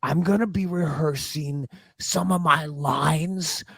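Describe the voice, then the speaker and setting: A man playing a slow-witted middle-aged office worker, a podcast guest calling in by video, with a dim, blunt manner and husky voice. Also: fairly high pitch, a bit bright, dry recording, clean studio sound, full character voice. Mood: dopey. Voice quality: gravelly, husky. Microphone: video call.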